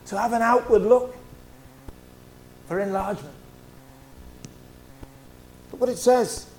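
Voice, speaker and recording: A male pastor, preaching a lively, conversational sermon full of humorous stories. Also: high voice, slow, pauses often. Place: church hall.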